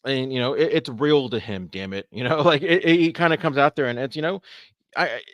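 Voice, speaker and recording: Male podcast co-host, mid-range voice, animated and rambling with lots of stammering, dry close sound. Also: medium pitch, fairly quick, dry recording. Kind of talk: casual podcast chat.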